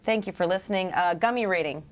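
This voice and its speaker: A woman's voice: on the low side, fast talker. A woman co-hosting a casual movie review podcast, playful and jokey. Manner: playful, jokey, puts on voices for bits. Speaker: podcast co-host.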